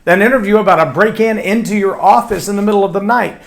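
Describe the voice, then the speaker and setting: Male podcast host, fairly high voice, emphatic delivery, acts out sample answers. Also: fast, creaky. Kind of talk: short leadership talk to camera.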